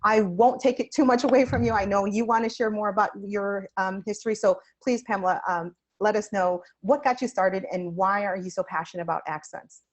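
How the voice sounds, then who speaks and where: A woman's voice: mid-range voice, steady tone, fairly quick, hardly any pauses. A woman hosting a webinar interview, effusive and upbeat as she introduces and praises her guest. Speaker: webinar host.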